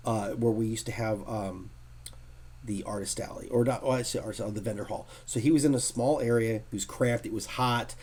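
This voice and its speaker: A husky man chatting as a guest in a casual interview. He tells stories with lots of energy and slips into acted-out quotes of the people in them. His voice sits in a middle pitch with a slightly rough edge. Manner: animated storyteller who acts out quotes. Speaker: guest comic artist.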